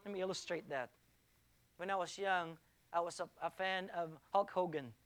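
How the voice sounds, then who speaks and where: A man's voice: high-pitched, fairly even intonation, moderate pace, a bit bright. A man preaching a sermon as pastor, stressing points by repeating phrases while the congregation answers him.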